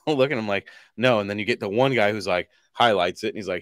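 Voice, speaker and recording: A man with a fairly low voice co-hosts a casual podcast, chatting loosely and breaking into laughter as he tells stories. He is from Washington state, and his voice sounds close and dry, with little room behind it. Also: quick pace, hardly any pauses, dry recording. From Washington state, USA. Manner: chatty, laughs often, animated storytelling. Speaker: podcast co-host.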